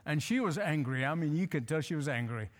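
A male pastor preaching a sermon, emphatic, repeating phrases and slowing to stress lines. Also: fairly high pitch, animated. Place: church. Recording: hall reverb.

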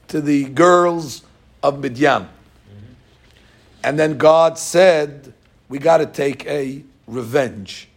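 A man teaching a Torah lesson, acting out the dialogue he quotes with lively swings in his voice. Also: vocal fry. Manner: animated, acts out quoted dialogue with rising pitch.

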